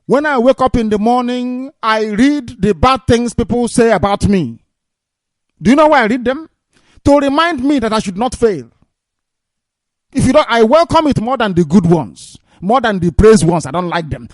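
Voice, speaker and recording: A man's voice: very high-pitched, lively intonation, moderate pace, dry recording, clean studio sound. A man hosting a live call-in radio broadcast, talking emphatically and repeating his points. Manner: emphatic, repetitive preaching talk. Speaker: radio show host.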